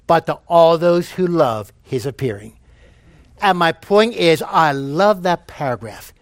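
Guy preaching, kinda high voice, cracks jokes, repeats his points, dry close sound. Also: no echo. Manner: tells jokes, repeats key phrases for emphasis. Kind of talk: sermon.

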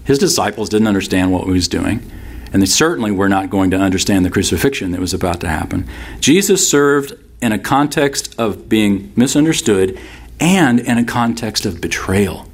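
A man's voice: on the low side, animated, normal speed. A man preaching a sermon, reading scripture aloud and explaining it in a conversational, expository way. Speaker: pastor.

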